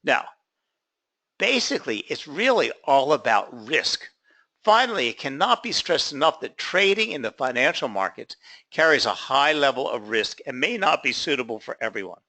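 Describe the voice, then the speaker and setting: A man's voice: medium pitch, sing-song, moderate pace, pushed and bright. A man teaching a trading class, telling a story and acting out both sides of a conversation with casual fillers. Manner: acts out both sides of a dialogue, casual fillers like "you know". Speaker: trading instructor. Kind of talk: class lecture told as an anecdote.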